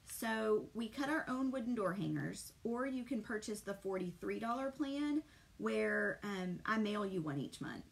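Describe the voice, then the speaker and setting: A woman's voice: mid-range voice, lively intonation, a little slow, gravelly. A middle-aged woman, chatting with viewers and greeting them by name while she paints live. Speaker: painting instructor. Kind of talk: live-streamed craft session.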